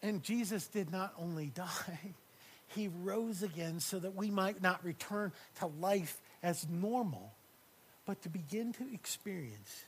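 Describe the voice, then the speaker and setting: A man preaching a sermon, moving from quiet, hushed passages to loud, shouted high points. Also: lively intonation, unhurried, a little hiss or hum. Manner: dynamic preacher, swings from hushed near-whispers to loud shouted climaxes. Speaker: pastor.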